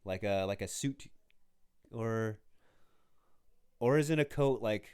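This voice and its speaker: A man's voice: lowish voice, slow, a little mellow, smooth, no room sound, clean studio sound. A young man co-hosting a casual podcast, laid-back and teasing, who swears casually. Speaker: podcast co-host. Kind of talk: casual chat.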